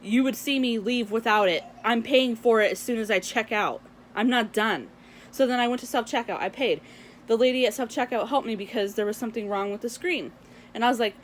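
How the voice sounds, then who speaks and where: Young woman vlogger, slightly high voice, animated venting rant, faint background noise. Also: fairly quick. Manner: animated storytelling, acts out quoted dialogue. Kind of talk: casual venting rant to camera.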